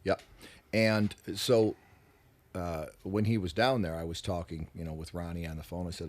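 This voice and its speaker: Deep-voiced profane rock musician. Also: male voice, moderate pace. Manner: animated, profane, acts out quoted voices. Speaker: interview guest, rock musician. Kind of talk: casual radio interview storytelling. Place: radio studio.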